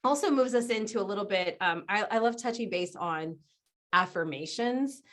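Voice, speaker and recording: Lively, animated woman explaining habits. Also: mid-range voice, moderate pace. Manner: animated, acts out quoted voices; laughs often while explaining. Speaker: guest business strategist. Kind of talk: conversational podcast interview.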